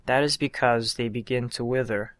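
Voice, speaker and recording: A man voicing a friendly young woman who sells roses on the street, speaking politely and softly. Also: mid-range voice, steady tone, moderate pace, no echo, close to an everyday voice. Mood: gentle.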